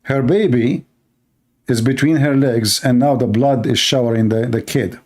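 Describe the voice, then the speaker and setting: A man hosting, giving heated commentary on a clip, blunt and scornful and quick to insult. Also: medium pitch, a little mellow. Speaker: host commenting on a video clip.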